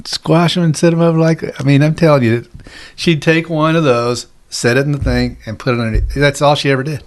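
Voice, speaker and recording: A man's voice: a little high, steady tone, a little fast. A man, a chef guest, telling rambling anecdotes in casual podcast chat. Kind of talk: casual storytelling.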